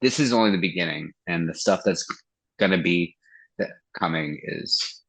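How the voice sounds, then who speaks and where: A man's voice: deep voice, moderate pace, gravelly, fairly bright tone, breathy edge, low-quality recording. A man who sings in a metal band, talking casually as a podcast guest, swearing freely and acting out quoted conversations. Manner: loose and profane, acts out quoted dialogue. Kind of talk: casual interview chat.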